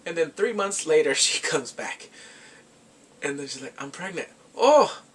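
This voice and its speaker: A man casually retelling a film's plot as a movie reviewer, animated, laughing often and acting out quotes in squeaky voices. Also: moderate pace, husky, recorded from a distance.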